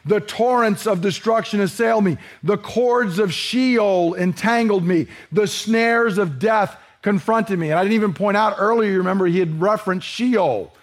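Male pastor, fairly high voice, emphatic expository preaching. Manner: earnest, emphatic, slows down for scripture readings. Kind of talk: expository sermon.

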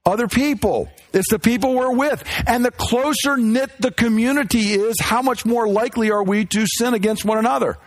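A man's voice: very high voice, moderate pace, few pauses. A male pastor preaching a sermon in a conversational, self-deprecating way, full of rhetorical questions.

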